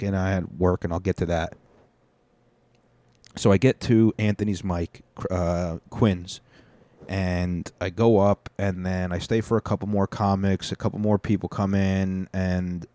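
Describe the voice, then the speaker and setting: A man's voice: sits low, mellow, no room sound. A young man, a comedian, casually rambling through a profane, boastful recap of his week. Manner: profane, digressive, swaggering.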